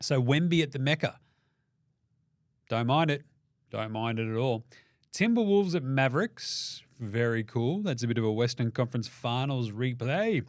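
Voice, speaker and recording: A young Australian man hosting a basketball show, with profane, energetic, jokey banter. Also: mid-range voice, moderate pace, no room sound, studio quality. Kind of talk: casual sports commentary.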